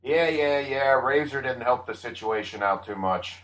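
A man's voice: mid-range voice, moderate pace, fairly bright tone, rough recording. A man co-hosting a podcast in casual chat, bantering with wry, grumbling remarks. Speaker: podcast co-host.

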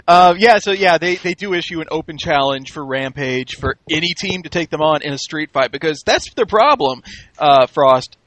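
A man's voice: fairly high pitch, animated, normal speed, a bit bright, no room sound. A man hosting a casual podcast chat, wry and joking, often laughing. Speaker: podcast host recapping a wrestling show.

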